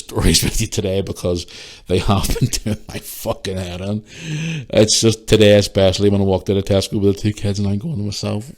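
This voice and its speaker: A young man, hosting a podcast and telling a story in an animated, swearing rant. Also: low-pitched. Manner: animated ranting, swears freely. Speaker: podcast host. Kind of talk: casual storytelling monologue.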